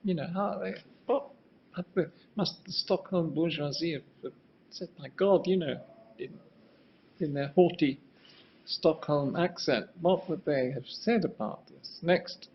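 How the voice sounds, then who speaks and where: A man's voice: on the high side, measured pace, creaky, slight background noise. An older man giving a rambling, musing lecture on architecture, often restarting his sentences and asking for the next slide. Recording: muffled lo-fi sound.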